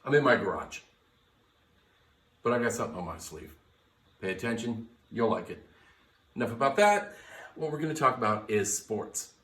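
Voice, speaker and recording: A man's voice: lowish voice, fairly bright tone. A brash, blunt man hosting his own sports talk show, swearing freely and firing off picks. He sits back from the mic in his garage, so his voice bounces around the room. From United States. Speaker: sports podcast host. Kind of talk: casual sports commentary. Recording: echoey garage, mic at a distance.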